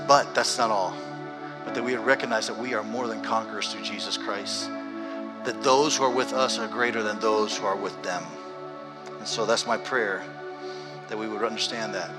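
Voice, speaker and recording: A man preaching a sermon as pastor, swinging between loud emphasis and hushed, earnest stretches. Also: on the low side.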